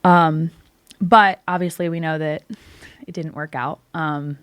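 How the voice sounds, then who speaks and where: A woman's voice: low-pitched, fairly even intonation, measured pace, clean tone, no room sound. A woman on a podcast, telling a personal story with feeling and acting out both sides of the conversations. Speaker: podcast co-host. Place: podcast studio.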